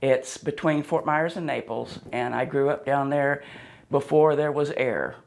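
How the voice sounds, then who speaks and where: A woman's voice: a bass voice, measured pace, vocal fry, a little mellow. A woman in her seventies, born in Pennsylvania and raised in Florida, telling wry, rambling stories as an interview guest. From born in Pennsylvania, raised in southwest Florida. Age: 70s. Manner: wry and joking, rambling with restarts. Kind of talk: casual storytelling.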